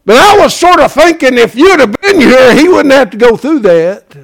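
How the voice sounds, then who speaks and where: A male preacher voicing a grieving woman, pushing his voice high, loud and earnest. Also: sing-song, normal speed, gravelly, heavily acted. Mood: pleading. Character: pleading grieving woman disciple.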